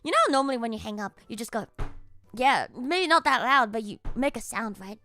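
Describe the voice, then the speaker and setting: A woman streamer telling a story to her chat in a casual, animated way, swearing often and laughing a lot. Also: on the high side, brisk, soft background music.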